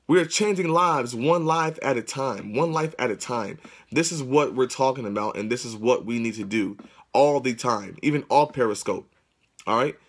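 Fervent preachy man on a phone livestream. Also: mid-range voice. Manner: fervent, preachy, repetitive exhortations; religious, churchlike phrasing. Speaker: livestream host. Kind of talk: excited livestream address to viewers.

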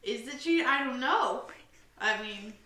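A woman's voice: on the high side, animated, a little slow, pushed and bright. A young woman co-hosting a casual podcast, rambling through stories with lots of fillers. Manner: rambling, filler-heavy storytelling. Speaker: podcast co-host. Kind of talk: casual chat. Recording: roomy, slightly distant mic.

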